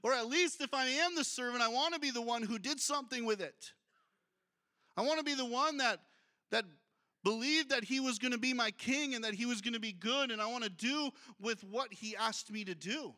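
Male pastor, high-pitched and bright, lively conversational sermon delivery. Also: moderate pace. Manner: reads scripture aloud, then breaks off to comment; lively, conversational preaching with asides.

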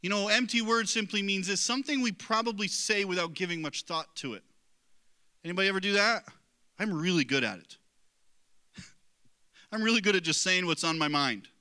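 A man's voice: high voice, brisk, long pauses, sharp tone, clear, resonant tone. A middle-aged man preaching a sermon as a pastor, earnest and conversational, with self-deprecating asides to the congregation.

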